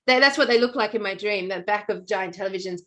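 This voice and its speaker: A woman telling a long personal story in casual chat, animated and full of "like" and "um". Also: mid-range voice, fast. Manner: animated storytelling with many fillers. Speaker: podcast co-host.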